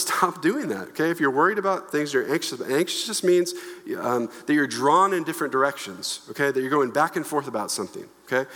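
A man in his thirties preaching a sermon from the stage in a conversational, animated way, with playful asides to the congregation. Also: mid-range voice. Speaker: pastor. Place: church hall. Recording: long echo of a church hall.

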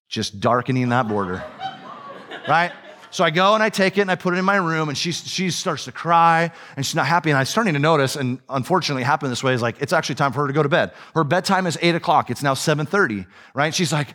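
A man's voice: a little high, brisk, sharp tone. A man preaching as a pastor, with a conversational, storytelling manner that often checks in with "right?" and "okay?". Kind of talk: sermon.

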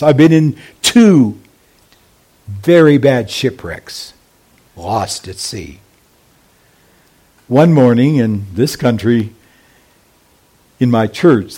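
A man as pastor, preaching a sermon slowly and deliberately with emphatic pauses. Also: medium pitch, a little mellow.

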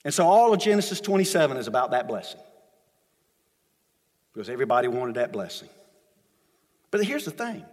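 A man's voice: mid-range voice, sing-song, brisk, pauses often. A man preaching a sermon as a pastor, retelling the story with emphatic repetition, recorded in a church sanctuary with long reverb.

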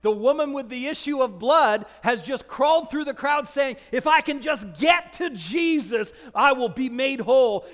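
High-voiced preacher in a reverberant hall. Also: male voice. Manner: animated preaching, acting out scripture dialogue. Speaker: pastor. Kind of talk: sermon.

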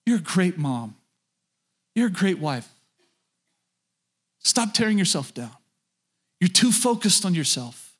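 A middle-aged pastor preaches a sermon in a conversational style, repeatedly putting direct questions to the congregation. His voice is a bit high for a man, slightly bright with a breathy edge, and swings widely in pitch. He speaks slowly and pauses often.

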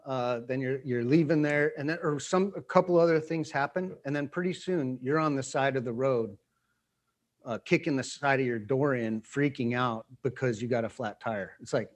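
A pastor delivers a conversational sermon to a small group, repeating phrases and acting out the voices of the people he quotes. His voice sits at a medium pitch, and he keeps a moderate pace.

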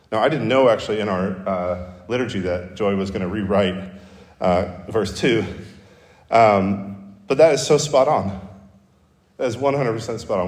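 A pastor preaching a sermon in a conversational, storytelling way, with self-deprecating humor. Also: male voice, mid-range voice. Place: church sanctuary. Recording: roomy hall reverb.

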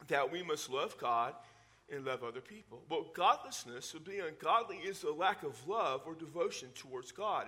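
A man's voice: on the high side, bright, forceful tone, slightly rough. A middle-aged man, preaching a teaching sermon and explaining scripture in a conversational way. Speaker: pastor.

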